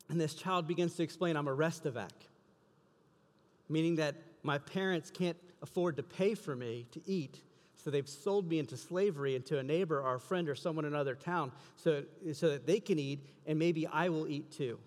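A man preaching a sermon as a story, acting out the quoted lines with a lifted voice and more volume. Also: normal speed. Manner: acts out quoted dialogue, rising in pitch and volume. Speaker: pastor. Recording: reverberant hall.

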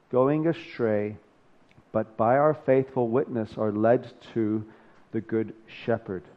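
A man's voice: medium pitch, highs cut off. A male pastor preaching a sermon, talking casually and joking between his scripture readings.

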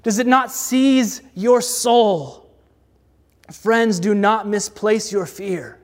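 A man preaching a sermon in a slow, deliberate way, with dramatic pauses and repeated refrains. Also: sits high, in a large hall.

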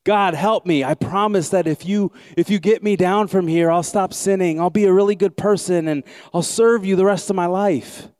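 A man voicing a panicked man hanging from a cliff who shouts and begs for rescue in a high, frantic voice. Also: fairly even intonation, moderate pace, few pauses, dry recording, studio quality, natural voice. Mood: pleading.

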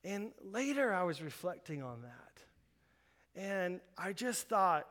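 A man in his thirties preaching a sermon, telling a story and acting out the quoted voices with lively energy. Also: high voice, takes it slowly. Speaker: pastor. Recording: long hall reverb.

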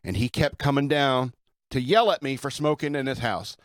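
A man's voice: medium pitch, moderate pace, no room sound, studio quality. A man hosting his own show, talking in an irreverent, rambling way with fillers and chuckles. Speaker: podcast host. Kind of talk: casual rambling monologue.

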